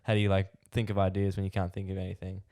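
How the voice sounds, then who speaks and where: A young man with an Australian accent, chatting casually on a podcast. His voice sits fairly low, and he rambles through a long anecdote, packing it with fillers and quoted bits. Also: rapid-fire. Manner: rambling, filler-heavy, animated retelling. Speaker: podcast co-host. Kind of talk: casual chat, storytelling.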